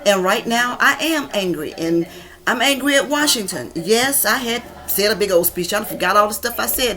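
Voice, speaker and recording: A woman's voice: medium pitch, animated, moderate pace, pushed and bright. A woman in her fifties from Georgia with a Southern accent, speaking her mind in an emphatic, impassioned vlog monologue from a room at home. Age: 50s. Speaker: vlogger. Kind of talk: venting monologue.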